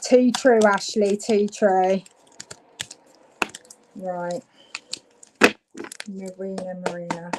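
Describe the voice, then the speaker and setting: A woman's voice: medium pitch, drawn-out words, pauses often, heavy background noise. A woman from Devon, giving chatty live psychic card readings and talking to viewers. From Devon, England. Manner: chatty, warm-hearted, gets louder when excited.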